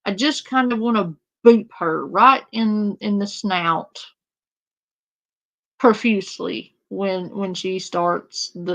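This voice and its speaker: A woman's voice: medium pitch, slow, creaky, fairly bright tone, highs cut off. A woman ranting sarcastically and crudely about another streamer, in casual commentary. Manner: sarcastic, crude, mocks with a whiny imitation.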